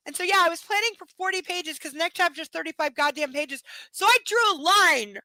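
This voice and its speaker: A woman's voice: very high voice, expressive, a little fast, sharp tone, no room sound. A tired woman reading a book aloud on a live stream and chatting bluntly, swearing freely and sardonic. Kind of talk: live reading and casual chat.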